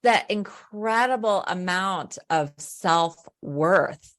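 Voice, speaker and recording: A woman's voice: on the low side, expressive, drawn-out words, fairly bright tone. A woman hosting a podcast interview, speaking in a reflective, appreciative way. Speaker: podcast host.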